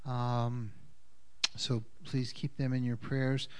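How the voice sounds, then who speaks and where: A man leading a congregation's communion service, speaking in an unhurried, halting way with fillers. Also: medium pitch, flat delivery, darkish tone, smooth. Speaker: congregation leader. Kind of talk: communion service talk with Hebrew blessings.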